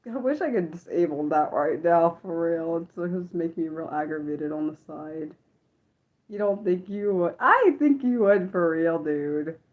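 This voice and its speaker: A woman's voice: lowish voice, animated, moderate pace, darkish tone. A young woman hosting an unscripted livestream, chatting in a rambling way with lots of filler words. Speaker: livestream host.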